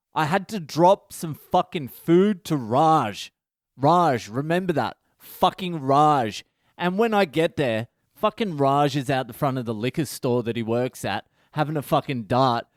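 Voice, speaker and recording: A middle-aged man hosts his own comedy podcast, barrelling through a story with constant swearing and gleeful exaggeration. His voice sits at an ordinary male pitch and sounds dry, with no room echo. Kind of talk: profane comic storytelling monologue.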